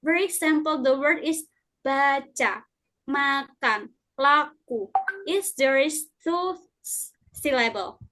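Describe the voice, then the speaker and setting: A young woman giving a class presentation in halting English, often restarting her words. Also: sits high, bright, forceful tone, poor audio. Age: young adult. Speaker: student presenter.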